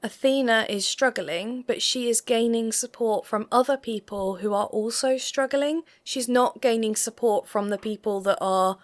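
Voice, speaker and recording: A woman co-hosting a reaction podcast about a reality show, talking in a measured, analytical way and laughing easily. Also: a little high. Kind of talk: casual chat.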